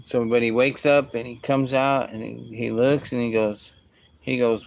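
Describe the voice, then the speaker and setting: A man's voice: little pitch movement, unhurried, creaky. A man telling a casual story, rambling along with asides and restarts. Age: adult with a young son. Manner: rambling, full of asides like "whatever" and "boom".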